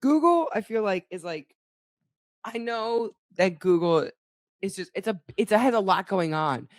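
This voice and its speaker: A woman's voice: medium pitch, lively intonation, unhurried, no echo. A woman co-hosting a podcast in casual chat, ranting and swearing with mock outrage. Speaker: podcast co-host.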